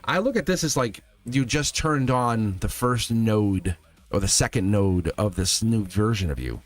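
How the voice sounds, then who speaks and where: Earnest low-voiced man reading tarot. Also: expressive, measured pace. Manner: earnest, emphatic, speaks straight to viewer. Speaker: tarot reader.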